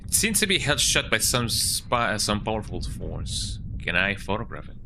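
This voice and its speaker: A man's voice: lowish voice, animated, normal speed, bright, forceful tone, slight background noise. A man streaming a horror game, joking and chatting casually as he plays and often tagging his lines with "eh?". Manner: playful, jokey, keeps tagging lines with "eh?". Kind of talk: casual gameplay commentary.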